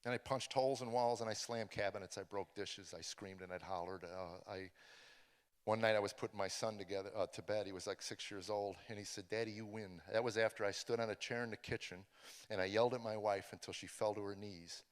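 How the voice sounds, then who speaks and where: A man's voice: lowish voice, steady tone, fairly quick, clean tone. A middle-aged man, a comedian, giving a personal testimony to a live audience, often stumbling and repeating words as he goes. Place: large room with an audience. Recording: long hall reverb.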